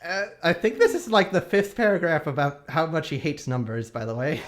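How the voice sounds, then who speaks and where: A man's voice: fairly high pitch, big pitch swings, a little fast. A man streaming, reading a long game review aloud with small hesitations.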